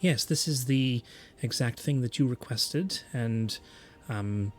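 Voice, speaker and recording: A man's voice: medium pitch, soft background music, close to an everyday voice. A man doing a formal British-sounding woman. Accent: attempted British. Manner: formal, measured.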